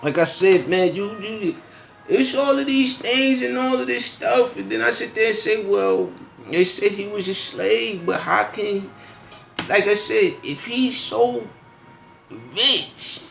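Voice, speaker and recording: A man's voice: high-pitched, a little slow, creaky, fairly bright tone, soft background music. A man hosting his own show, reading news headlines and riffing on them in a loose, slangy, rambling way. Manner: loose and slangy, with frequent asides and filler phrases. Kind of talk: casual rambling news commentary.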